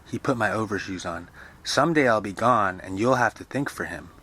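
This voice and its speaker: A man doing a grumbling young servant, offhand, low-key, near his own voice. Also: expressive, fairly quick, bright, forceful tone.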